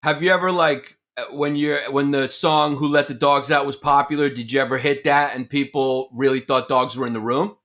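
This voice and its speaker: Man, podcast co-host, joking, mid pitch. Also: fairly even intonation, normal speed, hardly any pauses, a bit bright. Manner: joking, loose. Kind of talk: casual interview.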